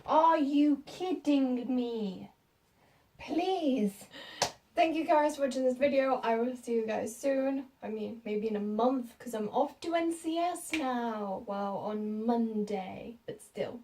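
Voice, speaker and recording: A woman's voice: a little high, unhurried, hardly any pauses, dark tone, far from the mic, slight background noise, low-quality recording. A British young woman in her late teens, telling a story to camera in a rambling, giggly, self-mocking way. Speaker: vlogger.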